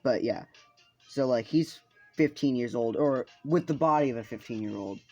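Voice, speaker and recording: A casual storyteller spins a fan story off the cuff, rambling through likes and you-knows and swearing freely. The voice sits in a middling pitch. Faint game music plays underneath. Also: moderate pace, a little mellow, poor audio. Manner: rambling, swears a lot, many fillers. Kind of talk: improvised fan-fiction narration. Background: faint video game music.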